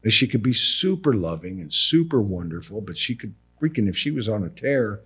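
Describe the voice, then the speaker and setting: A middle-aged American man telling family stories as a podcast guest in a casual, animated way. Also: a little fast, breathy edge. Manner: animated, mimics his mother in a high voice. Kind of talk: casual storytelling.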